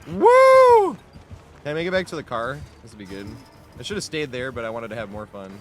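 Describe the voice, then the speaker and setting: A man giving gameplay commentary, sarcastic, breaking into yells and laughs. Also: medium pitch, expressive, fast talker. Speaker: gaming YouTuber.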